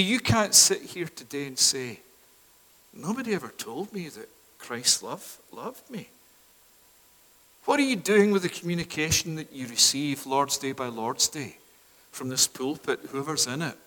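A man with a high, bright, ringing voice delivers a sermon from a church pulpit. He moves between forceful proclamation and hushed, almost whispered pleading. The sound trails off in the long reverb of a large hall. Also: very animated, measured pace. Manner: swings from loud proclamation to hushed near-whispers. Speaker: preacher.

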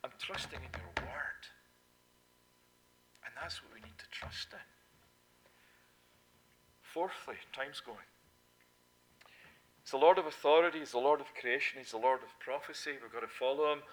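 A man preaching a sermon, dropping to hushed asides and then rising to loud, emphatic proclamation, repeating key points for emphasis. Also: medium pitch, moderate pace, long pauses, a little hiss or hum, poor audio.

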